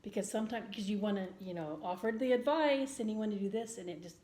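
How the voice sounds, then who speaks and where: A woman vlogger in casual chat, speaking earnestly and gently with frequent ums and restarts. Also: mid-range voice, fast talker. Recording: roomy indoor echo.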